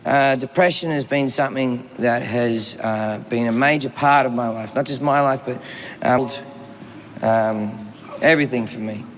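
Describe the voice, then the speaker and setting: A man's voice: medium pitch, unhurried. A man in his forties doing live stand-up, telling a long story with profanity and acted-out quotes. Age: 40s. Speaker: stand-up comedian. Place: comedy stage before an audience. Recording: echoey hall with room noise.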